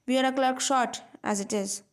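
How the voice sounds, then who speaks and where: A woman's voice: high voice, fairly even intonation, normal speed, pitched above the performer's own voice. A woman reading the part of a fussy sixty-year-old male clerk who gets flustered. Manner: fussy, flustered, murmuring figures.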